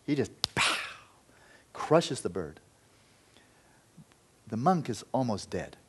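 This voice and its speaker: A man giving a Buddhist dharma talk, telling a story in an earnest, loose way that often falls quiet. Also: mid-range voice, very animated, slow, breathy edge. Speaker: Buddhist teacher.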